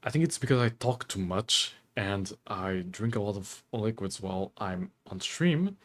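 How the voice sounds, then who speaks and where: A man's voice: lowish voice, lively intonation, a little slow, hardly any pauses. A man chatting casually on a live stream, rambling and breaking off his own sentences. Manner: rambling, self-interrupting, hiccups and coughs.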